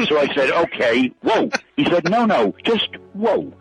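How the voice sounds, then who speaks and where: An older man telling a joking anecdote in an animated raconteur manner, from an archival clip. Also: fairly high pitch, measured pace, gravelly, slightly rough, no echo, exaggerated voice, low-quality recording. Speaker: archival clip of a comics creator telling a story. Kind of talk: storytelling anecdote.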